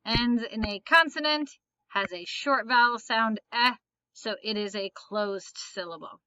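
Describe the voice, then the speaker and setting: Woman, phonics teacher, fairly high bright voice, patient, asks then answers, dry muffled recording. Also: measured pace, clear, resonant tone, dry recording. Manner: patient, asks and answers her own questions. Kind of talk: phonics lesson.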